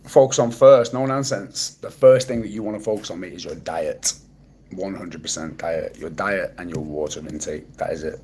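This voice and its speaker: A man's voice: low voice, normal speed, darkish tone, slight background noise. A man with a Manchester accent, chatting casually on a livestream and answering his chat with dry sarcasm. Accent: Mancunian. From Manchester, England. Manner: laid-back, dry and sarcastic, swears casually. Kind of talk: casual live-stream chat.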